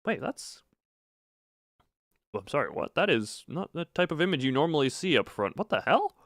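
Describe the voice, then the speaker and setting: A man's voice: on the high side, big pitch swings, normal speed, fairly bright tone, no room sound, studio quality. A man streaming a card game live, chatting with viewers in a wry, theatrical way. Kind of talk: live gameplay stream chat.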